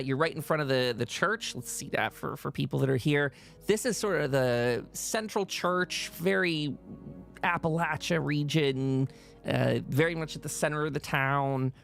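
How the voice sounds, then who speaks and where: A man's voice: fairly high pitch, vocal fry, a bit bright. A man narrating as game master of a tabletop game, rambling along with frequent fillers.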